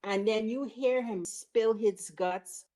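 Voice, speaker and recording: A woman's voice: on the high side, takes it slowly, warm tone. A woman co-hosting a podcast, talking casually and emphatically about a TV episode. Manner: emphatic, picks words carefully. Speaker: podcast co-host. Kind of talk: casual chat.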